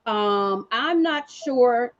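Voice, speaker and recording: A woman hosts a live online discussion, picking up and reading viewer comments. Her audio sounds dull and muffled, and she pauses on fillers as she goes. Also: a little high, expressive. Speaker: host.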